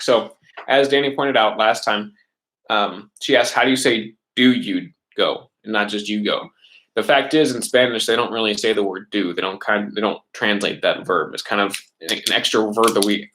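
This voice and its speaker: A man's voice: on the low side, fairly bright tone. A man teaching a Spanish class over a webcast, in a casual, chatty way, often checking in with his students. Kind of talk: remote classroom lesson.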